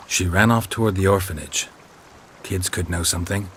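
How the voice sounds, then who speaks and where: An actor voicing a gruff male monster hunter in a video game, terse and blunt. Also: deep voice, fairly even intonation, moderate pace, fairly bright tone, slight background noise. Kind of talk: video game cutscene acting.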